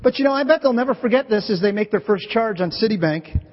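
A pastor delivers a sermon with a husky, breathy voice that sits unusually high. He jokes with volunteers beside him as he goes. The recording is dull and lo-fi, with long reverb from the sanctuary. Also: expressive, quick pace. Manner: playful, joking with volunteers on stage. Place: church sanctuary.

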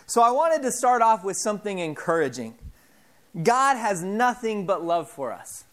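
A man in his thirties giving an informal sermon, telling stories in a halting way with many fillers and restarts. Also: sits high. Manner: animated, self-deprecating storyteller. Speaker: preacher.

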